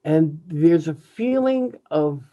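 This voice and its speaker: Older guy on a video call, a bit high and swoopy, halting, emotional, muffled sound. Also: lively intonation. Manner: emotional, reflective, halting with restarts. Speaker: jazz pianist. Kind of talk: candid personal talk.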